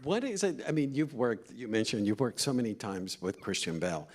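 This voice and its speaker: A man's voice: medium pitch, animated, a little fast. A man moderating a film Q&A, asking questions hesitantly with fillers. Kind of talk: interview questions.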